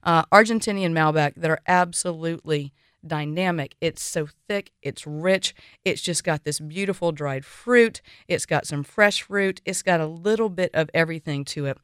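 A woman's voice: low voice, normal speed, a bit bright, clear, resonant tone, no room sound, studio quality. A woman hosting a radio wine show, chatty and opinionated, giving enthusiastic recommendations.

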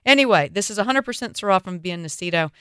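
Smooth-voiced Southern woman hosting a wine show. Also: mid-range voice, expressive, fast talker, fairly bright tone, no echo, studio quality. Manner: chatty, opinionated, playful asides. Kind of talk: radio talk show.

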